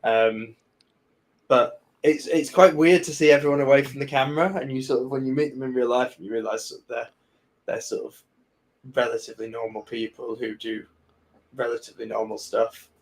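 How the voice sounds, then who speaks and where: Relaxed man telling stories as host. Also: medium pitch, brisk. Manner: relaxed storytelling with fillers. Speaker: podcast host. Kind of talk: casual podcast chat.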